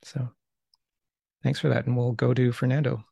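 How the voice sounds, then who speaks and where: Man, discussion leader, gravelly, flat delivery, dry close sound, thoughtful restarts. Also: medium pitch, no echo. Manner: thoughtful, measured, with repeated restarts. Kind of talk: casual seminar discussion.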